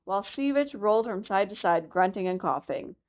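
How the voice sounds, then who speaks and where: A woman's voice: medium pitch, fairly quick, a little mellow. Woman reading a children's classic. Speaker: library story reader. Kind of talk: audiobook narration.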